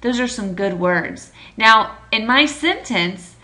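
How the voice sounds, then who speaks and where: A woman teacher giving a writing lesson, explaining each step slowly and deliberately. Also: on the high side, lively intonation, sharp tone.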